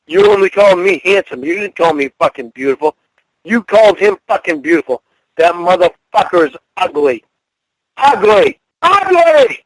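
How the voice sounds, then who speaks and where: A man with a high voice argues angrily and bitterly, swearing and laying down ultimatums. His voice sounds dry and close, with no room around it. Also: brisk, no room sound, rough recording. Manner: angry, bitter, profane ultimatums. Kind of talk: heated argument on a phone call.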